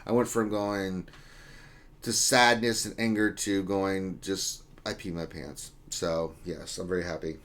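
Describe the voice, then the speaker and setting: A man hosting a casual livestream reads out chat names and greetings in a loose, joking way. His voice sits low with a steady, fairly bright tone, and his pace is unhurried.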